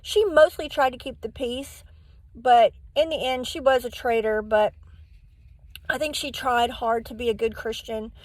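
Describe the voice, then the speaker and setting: A high-pitched middle-aged woman talks straight to camera, rambling candidly through a personal story. Her recording is dry and close, with no room sound. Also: unhurried, no room sound, low-quality recording. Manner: candid, rambling, acts out quotes in the telling. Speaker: vlogger.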